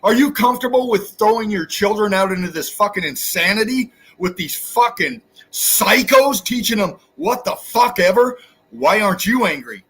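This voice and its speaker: A man's voice: high-pitched, expressive, normal speed, fairly bright tone, slightly rough. A man hosting his own channel, delivering an angry, profane, preachy rant straight at his viewers. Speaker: channel host. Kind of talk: angry ranting monologue.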